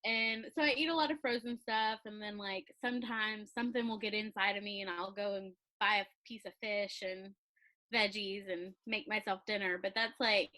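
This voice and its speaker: Bright, chatty young woman. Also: medium pitch, fairly even intonation, moderate pace, low-quality recording. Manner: chatty, laughing, lots of "like". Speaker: calligraphy business owner, interviewee. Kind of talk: casual interview chat.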